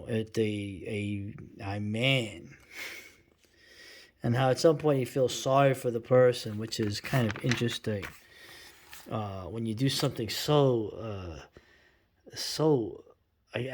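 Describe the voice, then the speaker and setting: A man's voice: medium pitch, darkish tone. A middle-aged man giving a rambling, sarcastic reaction commentary, full of fillers and restarts.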